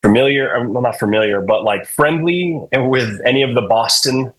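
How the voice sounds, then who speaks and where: Husky laid-back man telling stories. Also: mid-range voice, normal speed, rough recording. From New Hampshire. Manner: laid-back, swears freely, lots of fillers. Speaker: podcast guest, musician. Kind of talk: casual storytelling.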